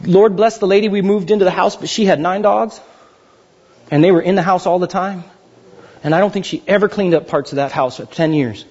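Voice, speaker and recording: A pastor in his thirties delivers a lively sermon in a high, husky voice. He swings between loud, high exclamations and slow, hushed pleading. The recording sounds dull and lo-fi.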